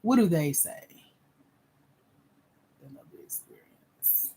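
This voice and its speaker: A woman's voice: fairly low pitch, expressive, slow, mellow. A woman hosting a livestream as a grant coach, reading viewer comments aloud and giving blunt, sassy feedback in casual slang.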